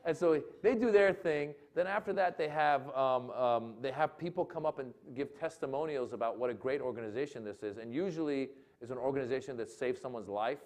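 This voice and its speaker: A male comedian telling a long anecdote at a live talk event, acting out voices and shouting for laughs. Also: medium pitch, brisk, hardly any pauses. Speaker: comedian guest. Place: lecture event with audience.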